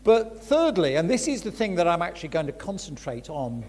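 A man's voice: high voice, very animated, fairly quick, darkish tone. An older man giving a reflective Bible teaching talk as a preacher, frank and conversational, with emphatic stresses. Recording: long reverb of a large hall.

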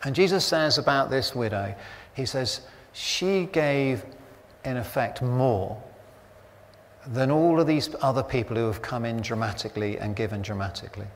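A man in his fifties gives a sermon in a relaxed, anecdotal way, slipping in dry jokes. His voice sits at a middle pitch. It rings out through a church with a long reverb and a faint hum of ambience behind it. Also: moderate pace. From Britain. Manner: chatty, anecdotal, wry humour. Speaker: pastor.

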